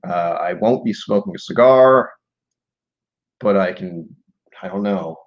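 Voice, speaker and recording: A man's voice: deep voice, measured pace. A man chatting casually on a live stream and reading poetry aloud, rambling and muttering asides to himself. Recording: dull lo-fi stream audio.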